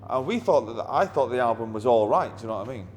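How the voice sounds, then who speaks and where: A man's voice: medium pitch, lively intonation, fast talker, darkish tone. A middle-aged man, a musician telling anecdotes in an interview in a blunt, wry, heavily swearing manner. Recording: long reverb with faint ambient noise.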